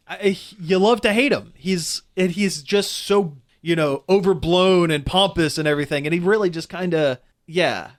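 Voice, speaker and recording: Unhurried and high-pitched, a male podcast co-host talks casually, rambling his way through a critical review of a movie with plenty of restarts.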